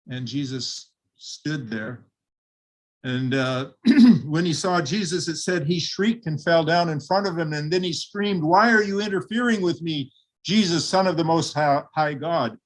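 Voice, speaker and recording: An older man preaching a sermon, retelling a Bible story vividly and voicing its people. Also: fairly high pitch. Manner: vivid retelling with acted quotes.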